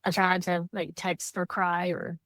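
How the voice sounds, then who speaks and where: A woman co-hosting a podcast, talking candidly in casual heartfelt chat, animated when she quotes others. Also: fairly low pitch, normal speed, dry recording, clean studio sound. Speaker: podcast co-host.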